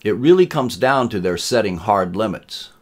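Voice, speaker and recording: A man's voice: lowish voice, expressive, natural voice. A man voicing an opinionated young female student who states her views firmly. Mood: assertive. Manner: firm, quick to object.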